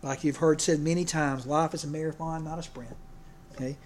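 A man's voice: fairly high pitch, steady tone, a little fast, a little mellow, slight background noise. A man preaching a folksy sermon, joking and often restarting his sentences. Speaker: pastor.

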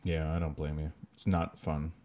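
A man co-hosting a podcast, telling stories in animated, casual chat. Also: a bass voice, moderate pace. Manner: animated, laughing storyteller. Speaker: podcast co-host.

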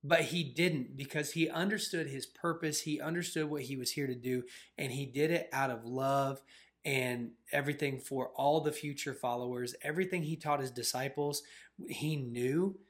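A man co-hosting a faith channel, telling a story in a casual, animated way with lots of "like" fillers. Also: mid-range voice, moderate pace. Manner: animated, filler-heavy retelling with "like".

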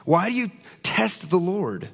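Man, pastor preaching a sermon, earnest and emphatic, slightly high voice, long church reverb. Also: sing-song, a little slow, vocal fry, fairly bright tone. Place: church sanctuary.

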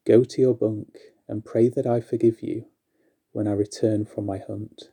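A scornful village chieftain, commanding and cold, speaks in a low, dark, flat voice as a man reading a rhyming story puts him on. His orders are curt and contemptuous. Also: measured pace, vocal fry, breathy edge, full character voice. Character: stern commanding village chieftain, male, middle-aged.

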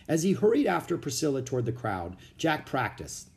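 A man reading a children's book aloud as narrator, with expressive storytelling. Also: on the high side, fairly quick, vocal fry. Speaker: audiobook narrator.

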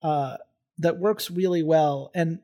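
A man with a high voice talks films in a casual podcast. He is earnest and analytical, restarting phrases as he builds a point. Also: steady tone, slow, mellow. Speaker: podcast film reviewer. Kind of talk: casual chat.

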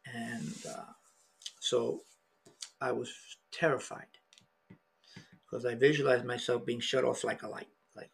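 A middle-aged man telling a personal story in an emotional, halting way, with many restarts. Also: mid-range voice, steady tone, gravelly, slightly rough. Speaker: podcast guest.

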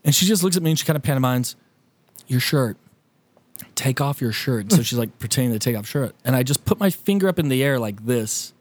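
A man's voice: mid-range voice, lively intonation, fast talker, hardly any pauses, a little mellow, no room sound. A young man animatedly telling a funny story as a podcast host, laughing often and swearing. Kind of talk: casual storytelling.

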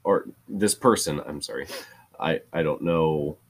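A man chatting casually with a wry, teasing, deliberate manner. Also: rumbling low, slightly rough. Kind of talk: casual chat.

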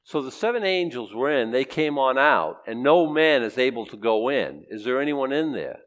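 A man's voice: mid-range voice, big pitch swings, normal speed. Man preaching in a chatty teaching tone. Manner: conversational, asks and answers his own questions, acts out quotes. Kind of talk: sermon, Bible teaching.

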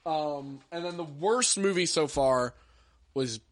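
A man's voice: a little high, slow pace, no echo, studio quality. A man hosting a podcast, chatting casually about movies he ranks, rambling with lots of filler words. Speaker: podcast host. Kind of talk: casual movie-ranking chat.

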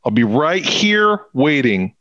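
A man's voice: fairly high pitch, big pitch swings, takes it slowly, a bit bright, no echo, highs cut off. A man hosting a podcast, pushing and teasing his co-host in profane casual banter, laughing often. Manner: pushy, teasing, swears freely, laughs often.

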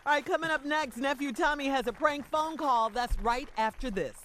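A woman co-hosting a radio show, briskly wrapping up and introducing segments. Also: high-pitched, a bit bright, a little hiss or hum.

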